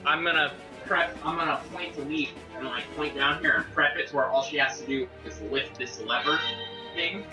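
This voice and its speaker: A man's voice: fairly high pitch, normal speed, over music. A man playing in a tabletop game, talking through his plans in a loose, rambling way. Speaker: player. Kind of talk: casual tabletop play.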